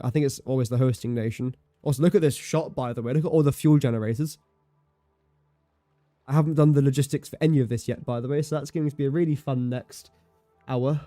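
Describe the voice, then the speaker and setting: A man's voice: mid-range voice, warm tone, no echo. Rambling man streaming a game. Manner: rambling, chatty, self-correcting. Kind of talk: casual gameplay livestream chat.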